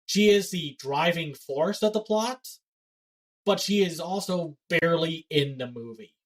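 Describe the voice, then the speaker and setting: A man's voice: fairly high pitch, rough recording. A man co-hosting a casual pop culture podcast, blunt and given to ranting. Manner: blunt, ranting, fast-talking. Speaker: podcast co-host.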